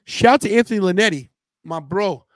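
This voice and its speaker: A man hosting a wrestling watch-party podcast, telling stories in a loose, slangy, animated way. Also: high-pitched, a little fast, dry recording. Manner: animated storyteller, quotes friends in a loose slangy way. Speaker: podcast host. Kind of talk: casual watch-party chat.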